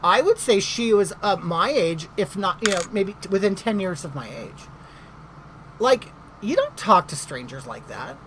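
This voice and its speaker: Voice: mid-range voice, big pitch swings, moderate pace, a bit bright, slight background noise, rough recording. A middle-aged vlogger telling a story in casual chat, gossipy and indignant.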